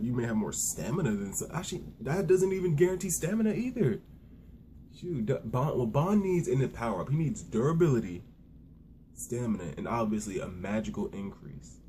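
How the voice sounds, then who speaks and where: A young man talks through a manga chapter in a loose, excitable rant, full of swearing and stumbles. His voice is mellow and warm, and it swings up and down a lot. A faint hiss of noise sits behind him. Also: mid-range voice. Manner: excitable, profane, animated retelling with many restarts. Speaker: manga reviewer. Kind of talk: casual solo review rant.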